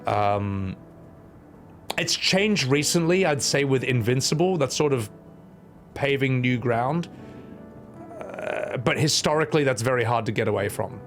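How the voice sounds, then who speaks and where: A man's voice: medium pitch, animated, a little slow, long pauses. A man from Australia, streaming a game and ranting bluntly with opinions and swearing. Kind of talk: casual gaming commentary. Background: game music.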